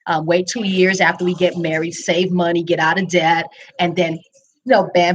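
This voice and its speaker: A woman candidly telling her personal story of infertility and faith, reflective, with frequent pauses and restarts. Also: lowish voice, level tone, a bit bright, dull audio. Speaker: speaker sharing her story. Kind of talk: personal testimony, casual storytelling.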